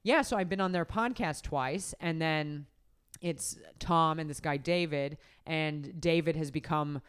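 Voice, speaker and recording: Woman, podcast host, rambling story, lots of fillers, low voice, smooth tone. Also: measured pace. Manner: rambling, filler-heavy, laughs often. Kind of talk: casual storytelling chat. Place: podcast recording setup.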